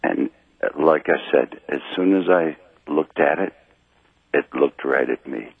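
A slightly drunk man calling in to a radio show, telling a long story in a rambling, halting way over a phone line. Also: rumbling low, creaky, slightly rough, no room sound. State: a little drunk. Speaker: caller. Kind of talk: call-in radio chat.

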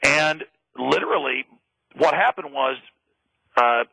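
A man with a gravelly, bright voice recounts events with rising indignation, stumbling over his words in his hurry. His voice is husky and sits close and dry on the mic. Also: mid-range voice, no echo, poor audio. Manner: rapid, indignant storytelling with many restarts. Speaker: talk radio guest commentator. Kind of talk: heated radio commentary.

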